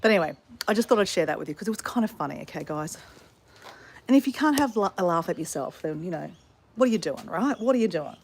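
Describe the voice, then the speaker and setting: A woman's voice: on the low side, expressive, fast talker, a little hiss or hum. Woman vlogger, exasperated, swears freely, laughs at herself, phone mic outdoors, faint backyard ambience. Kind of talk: casual vlog chat.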